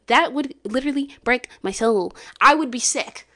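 A woman hosting a solo podcast, chatting casually, blunt and profane, swinging from low mumbles to loud exclamations. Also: normal speed, hardly any pauses. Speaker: podcast host.

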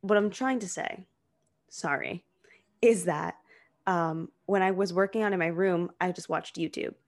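This podcast co-host is a young woman whose voice runs on the low side and whose pace is a little slow. Her chatty, casual conversation leans heavily on "like" fillers.

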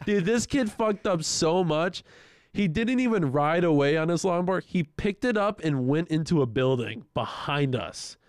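A man's voice: a little high, a little slow, no room sound, clean studio sound. A young man co-hosting a podcast, telling stories in a casual chat, acting out voices and swearing often. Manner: animated storytelling, acts out quoted voices, swears a lot. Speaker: podcast co-host.

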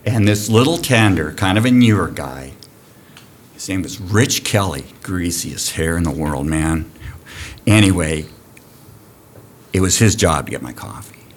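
Male diving instructor, low-pitched, lively storyteller, salty language. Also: unhurried, long pauses, slight background noise. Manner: animated, profane, laughs through his stories. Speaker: diving program director. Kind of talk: storytelling in a podcast interview. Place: recorded on location at a college.

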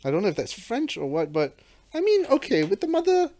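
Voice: medium pitch, wildly swooping pitch, a little fast, dark tone. Dry sweary podcast co-host. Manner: dry, sweary, mocking quotes. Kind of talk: casual film-review chat.

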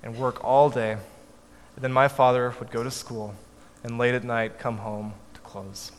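Male storyteller, measured delivery, soft trailing endings, long hall reverb, faint noise. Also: mid-range voice, steady tone. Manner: measured, dropping softly at line ends. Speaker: speaker telling a family story. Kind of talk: storytelling talk to an audience.

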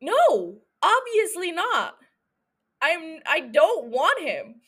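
A woman's voice: extremely high pitch, wildly swooping pitch, extremely slow, fairly bright tone. A young woman hosting a podcast alone, rambling through a profane, giggly rant that jumps from one thought to the next. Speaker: solo podcast host.

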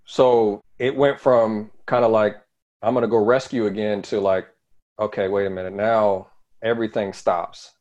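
Speaking as an interview guest, this middle-aged man recounts a personal story with earnestness, frequently sinking into a soft, low voice. His intonation stays fairly even at a normal speed, and the high frequencies are cut off.

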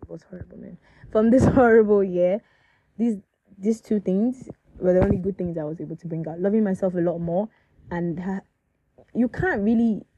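A woman's voice: lowish voice, warm tone, husky. A young woman hosting her own podcast alone, rambling and correcting herself as she talks. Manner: rambling, self-correcting, laughs often. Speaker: podcast host. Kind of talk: casual solo podcast chat.

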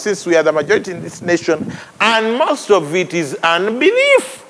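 Animated preacher man in a big echoing hall. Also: a little hiss or hum. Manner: animated preaching with sudden high exclamations and laughs. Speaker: pastor. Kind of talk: sermon. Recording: long hall reverb with faint ambience.

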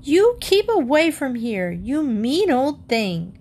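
A woman voicing an excitable young girl on a farm, in a higher, eager voice. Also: slow, heavily acted. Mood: excited.

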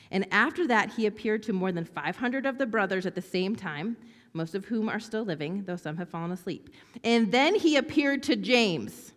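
A woman preaching a sermon in a conversational, animated way, acting out quoted lines with sarcasm. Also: medium pitch, big-room sound. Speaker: pastor.

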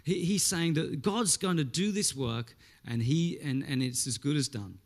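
A preacher in his thirties with a slightly high voice delivers a sermon in an emphatic, conversational way. He repeats himself and restarts, then drives his key points home with louder stresses. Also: moderate pace. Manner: emphatic, rising to loud stresses; frequent restarts and rhetorical asides. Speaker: pastor.

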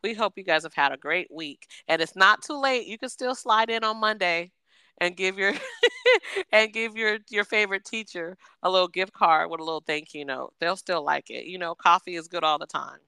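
A woman co-hosting a casual podcast chat, telling stories and giving warm shout-outs. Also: on the low side, gravelly, clean tone, dry recording. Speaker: podcast co-host.

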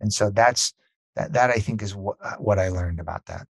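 A man's voice: fairly low pitch, moderate pace, gravelly, breathy edge, no room sound. Earnest man telling stories, dry close sound. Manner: earnest, animated, acts out quoted dialogue. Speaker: podcast guest. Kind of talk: conversational storytelling.

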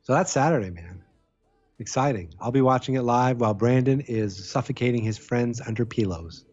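A man's voice: mid-range voice, normal speed, a little mellow, dry recording, muffled recording, faint music behind. A man co-hosting a casual wrestling podcast over a call, goofy and teasing, throwing in silly bits. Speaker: podcast co-host.

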